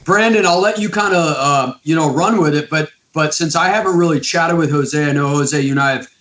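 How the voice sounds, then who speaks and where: Excitable man on an echoey call. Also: fairly high pitch, brisk. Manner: excitable, self-deprecating, stumbling restarts. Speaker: podcast co-host. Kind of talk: casual interview chat. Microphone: online call.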